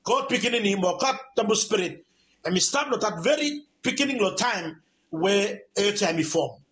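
A man's voice: sits high, expressive, normal speed, fairly bright tone, slight background noise. A man from Vanuatu with a Vanuatu accent preaching a radio sermon, emphatic and repetitive, stacking up his phrases.

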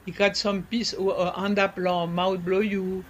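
A man, explaining things in an interview in a halting way, repeating words and slipping into French. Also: high voice, flat delivery, a little hiss or hum. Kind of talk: conversational explaining.

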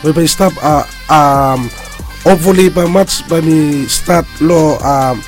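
A man speaking hoarsely through a cold on a radio chat, halting often over fillers. His voice sits a little high. Faint music runs behind him.

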